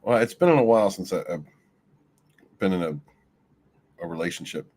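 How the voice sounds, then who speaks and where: Deep-voiced man, rambling and profane. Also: lively intonation, moderate pace, darkish tone, slight background noise. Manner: rambling, profane, laughs often. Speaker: streamer. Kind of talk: casual late-night stream chat.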